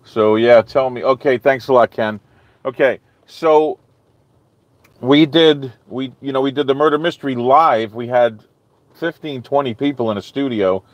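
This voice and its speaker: A man's voice: mid-range voice, a little slow, no room sound, dull audio. A man hosting a live stream, chatting casually with viewers in a rambling way full of "okay?" and "you know".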